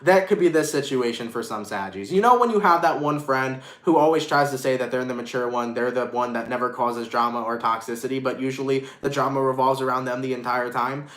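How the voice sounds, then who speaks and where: A man's voice: medium pitch, fairly quick, few pauses, fairly bright tone, reverberant. A man doing a live tarot reading, chatting casually with slang and swearing, thanking viewers and joking as he reads the cards. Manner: casual slangy banter, swears, acts out mocking voices. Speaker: tarot reader.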